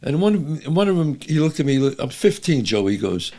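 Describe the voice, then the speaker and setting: A man who is a guest on a podcast, telling animated, profane stories from his youth in casual chat. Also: on the high side, fairly quick.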